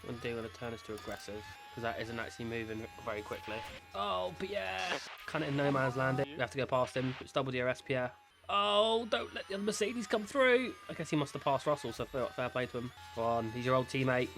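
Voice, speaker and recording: A man narrating his racing management game playthrough in a mid-pitched voice, talking his drivers through every move. Game music sits faintly behind him. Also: fast talker, vocal fry, hardly any pauses. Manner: chatty, cheers drivers on. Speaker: gaming creator. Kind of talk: excitable gameplay commentary.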